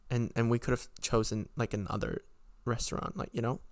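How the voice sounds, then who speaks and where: A man's voice: mid-range voice, expressive, a little fast, no room sound. Exasperated young man ranting with endless fillers. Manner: rambling, heavy filler words, frequent swearing; exasperated, incredulous. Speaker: podcast host. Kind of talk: casual storytime rant.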